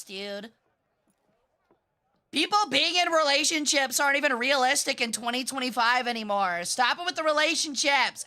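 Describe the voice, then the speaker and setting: High, bright-voiced bratty woman streamer. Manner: playful, bratty, mock-outraged banter with chat. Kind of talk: casual gaming livestream chat.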